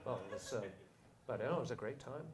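A man as a podcast guest, talking in a halting, stammering, self-deprecating way. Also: mid-range voice, animated, a crowd in the background. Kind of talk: casual interview chat.

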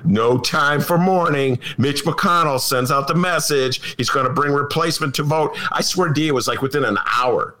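A man's voice: a little high, moderate pace, few pauses, bright, forceful tone. A middle-aged man hosting a political talk show, opinionated and sarcastic, slipping into mocking impressions. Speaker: podcast host.

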